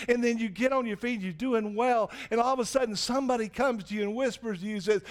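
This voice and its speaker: High-voiced guy preaching hard at church, gets loud then goes real quiet. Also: fast, hardly any pauses. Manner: fervent preaching, swings from loud urgent to hushed. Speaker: pastor. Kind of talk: sermon.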